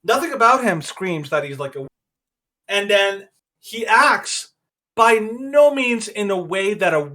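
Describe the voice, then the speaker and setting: High-voiced, emphatic male podcast co-host. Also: animated, measured pace, sharp tone. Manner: opinionated and emphatic, rambling with many restarts. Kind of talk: casual commentary.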